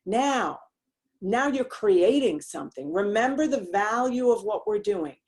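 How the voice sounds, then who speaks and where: A woman's voice: medium pitch, animated, unhurried, darkish tone. A woman host coaching women in a motivational talk, speaking emphatically and directly with casual slang.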